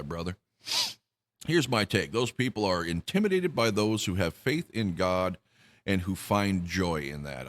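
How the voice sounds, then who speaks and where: A man hosting a rock music news show, ranting with heavy swearing and mocking quotes. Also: deep voice. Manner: profane, heated ranting with mocking put-on quotes. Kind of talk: ranting commentary.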